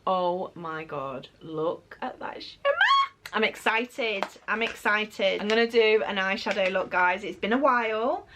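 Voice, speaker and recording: A woman, gushing excitedly as she unboxes makeup in a casual vlog. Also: medium pitch, normal speed, few pauses, very noisy. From United Kingdom. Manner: gushing and excitable, with gasps and exclamations. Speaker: beauty vlogger.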